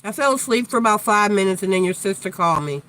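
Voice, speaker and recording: A woman's voice: mid-range voice, lively intonation, fast talker, a bit bright. A woman hosting a casual live tarot chat, blunt and chatty with free swearing, tired and yawning from lack of sleep. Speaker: tarot reader, live stream host.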